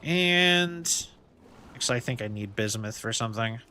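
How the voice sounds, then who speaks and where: Chatty bright-voiced male streamer. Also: mid-range voice, animated, normal speed, smooth. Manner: rambling and chatty, thinking aloud. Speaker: VTuber game streamer. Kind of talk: casual live gameplay commentary.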